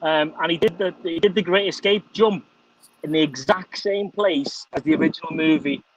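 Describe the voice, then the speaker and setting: A man's voice: high-pitched, normal speed, poor audio. A man from Liverpool with a Liverpool accent, chatting casually with friends on a call, swearing constantly and laughing a lot. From Liverpool, England. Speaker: channel host. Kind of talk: casual chat on a video call.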